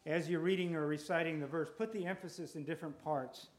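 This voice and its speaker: A male preacher delivers a sermon in a deliberate, emphatic way, often repeating phrases for effect. His voice sits on the high side with a steady tone.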